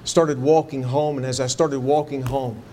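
A man's voice: medium pitch, fairly even intonation, moderate pace, dark tone, slight background noise. A man preaching a sermon, telling a personal story in an earnest way and rising to fervent pleading when he quotes his prayers. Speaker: pastor.

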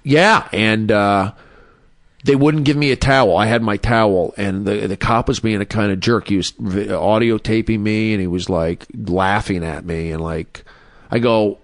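Gravelly low-voiced man telling a story. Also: normal speed, no room sound, clean studio sound. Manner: rambling, full of "like" and restarts. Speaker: guest, standup comedian. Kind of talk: casual storytelling in a podcast interview.

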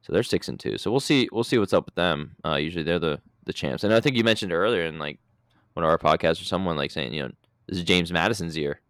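A man co-hosting a casual sports podcast, relaxed and rambling as he talks through the games. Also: deep voice, fast talker, clean tone, dry recording. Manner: relaxed, rambling, frequent fillers. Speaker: podcast co-host.

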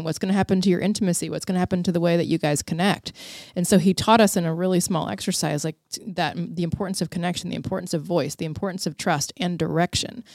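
A woman co-hosting a podcast, speaking softly and fluently in conversation. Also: on the low side, no room sound, clean studio sound. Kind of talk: casual conversation.

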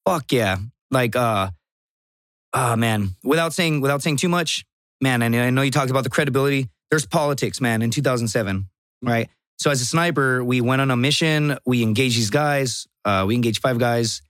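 A man in his thirties from Texas, a comedian and guest telling stories in a loose, profane, animated way on a podcast. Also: medium pitch, moderate pace, dry recording, clean studio sound. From Laredo, Texas. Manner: profane, animated storyteller who acts out quotes. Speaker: guest, stand-up comedian and former Marine. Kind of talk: casual podcast storytelling.

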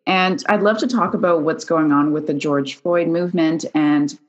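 Low-voiced woman interviewer. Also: moderate pace, dull audio. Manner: follow-up questions with fillers and restarts. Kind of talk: casual interview questions.

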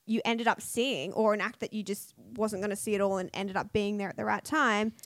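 A woman from Australia co-hosting a casual podcast, chatty and quick to laugh as she tells stories. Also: medium pitch, no echo. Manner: laughing, chatty, animated storytelling. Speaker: podcast co-host.

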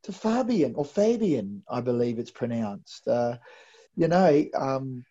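Unhurried and mellow, this man's mid-range voice carries his casual musings as a wrestling recap show co-host. He stammers and restarts as he chats, and the audio is a bit dull and lo-fi.

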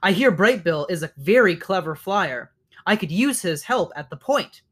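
A man's voice: sits high, lively intonation, normal speed, a bit bright. A man voicing a big male goose who leads the flock, speaking formally like an announcer. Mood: kind.

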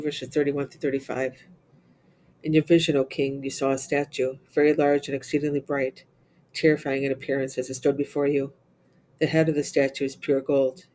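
A man's voice: mid-range voice, slight background noise. Man steadily reciting psalms and prayers. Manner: steady recitation with Latin responses, occasional slips and restarts. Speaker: reader of the Divine Office.

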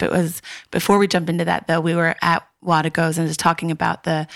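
Chatty woman podcast host, gravelly. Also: on the low side, a bit bright, no echo, clean studio sound. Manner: upbeat, chatty, laughs often. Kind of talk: casual podcast chat and read ad. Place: Australia.

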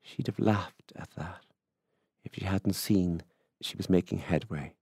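A man giving a measured literary reading of a short story. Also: sits low, warm tone, breathy edge, dry recording, clean studio sound. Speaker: reader.

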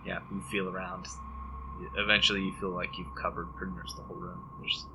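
Deep-voiced man running a tabletop game. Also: flat delivery, background noise. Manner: descriptive, halting narration. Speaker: game master.

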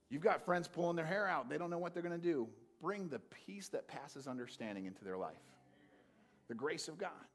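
A man preaching a sermon, animated, swinging from loud calls to quiet, earnest talk. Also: on the high side. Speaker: pastor.

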